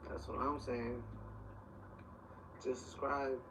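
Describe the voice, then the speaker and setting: A young man from Chicago hosting a livestream, chatting in slang and shouting out viewers. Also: mid-range voice, level tone, slow, recorded from a distance, poor audio. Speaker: livestream host. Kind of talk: casual livestream chat.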